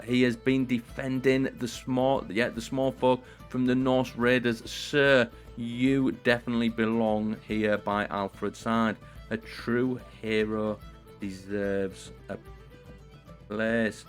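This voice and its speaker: Playful man narrating a strategy game. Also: lowish voice. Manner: playful, theatrical, chatty, addresses viewers. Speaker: gaming YouTuber. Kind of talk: comedic role-play game commentary.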